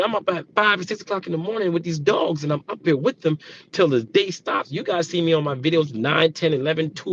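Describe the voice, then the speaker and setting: A man's voice: high-pitched, lo-fi sound, slight background noise. A middle-aged man running a dog kennel, talking casually and passionately on a livestream, rambling and repeating himself.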